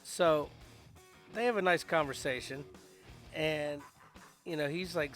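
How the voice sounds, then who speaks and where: A man's voice: fairly high pitch, slow pace, long pauses, fairly bright tone, faint music behind. A man hosting a podcast, recapping wrestling shows in a loose, chatty way full of fillers and asides. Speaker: podcast host.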